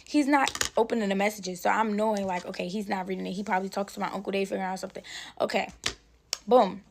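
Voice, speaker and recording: A woman's voice: mid-range voice, fairly even intonation, fast talker, vocal fry, a little hiss or hum. A young woman telling a casual storytime to her viewers while she does her hair, chatting straight to them.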